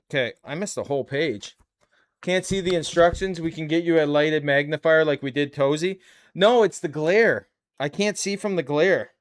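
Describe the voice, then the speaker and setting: A man chatting on a live build stream, trailing off into quiet muttering as he fits pieces together. His voice sits a little high for a man and sounds smooth and clear. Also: normal speed. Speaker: streamer building a model kit. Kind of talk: casual live-stream chat.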